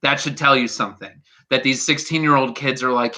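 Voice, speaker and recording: A man talking fast and heatedly as a guest in a political chat, emphatic and casually swearing. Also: medium pitch, sharp tone. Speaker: guest, teacher intern.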